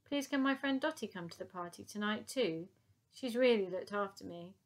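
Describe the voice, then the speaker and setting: A woman's voice: medium pitch, expressive, moderate pace, lightly acted. A woman reading aloud, voicing a young orphan girl who speaks politely and earnestly.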